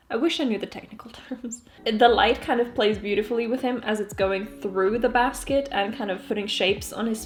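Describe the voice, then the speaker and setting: Young woman chatting through her collection, giggly jokey asides, mid pitch, faint music behind. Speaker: vlogger. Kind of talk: casual album walkthrough.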